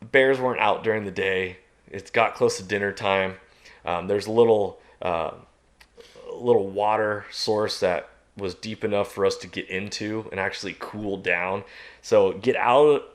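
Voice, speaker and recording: Low-voiced man telling a lively story. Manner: animated, self-mocking, chuckles at his own story. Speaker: podcast guest. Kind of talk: casual storytelling.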